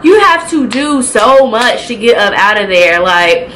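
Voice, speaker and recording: Bright-voiced young woman telling a storytime. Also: fairly high pitch, unhurried, slight background noise, low-quality recording. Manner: animated, profane, acts out her own reactions. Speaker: beauty vlogger. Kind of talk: casual storytime.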